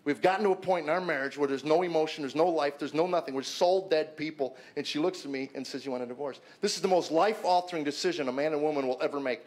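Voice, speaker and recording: A man's voice: fairly high pitch, fast talker, few pauses, darkish tone. Earnest middle-aged man telling his story. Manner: earnest, conversational, with frequent restarts and repeated words. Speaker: comedian giving a personal testimony. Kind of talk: personal storytelling to an audience.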